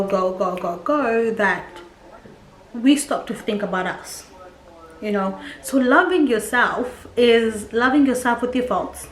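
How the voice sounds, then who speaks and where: A young adult woman, a mother vlogging at home, talking candidly and chattily in a casual style. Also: medium pitch. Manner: candid and chatty, with quoted voices. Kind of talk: casual personal vlog talk. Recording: echoey room with faint hum.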